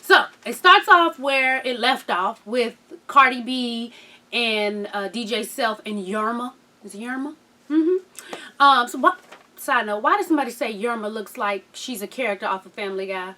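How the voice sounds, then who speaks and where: A woman's voice: a little high, lively intonation, normal speed, pushed and bright. A woman in her thirties recapping a reality TV episode in casual, slangy chat, laughing and acting out quotes. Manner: sassy, slangy, laughs often, acts out quotes.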